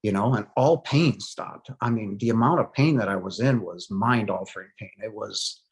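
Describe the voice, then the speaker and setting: A man in his forties giving a personal testimony, earnest and halting, with frequent pauses and fillers, his voice softening into hushed moments. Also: lowish voice. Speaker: near-death experience survivor.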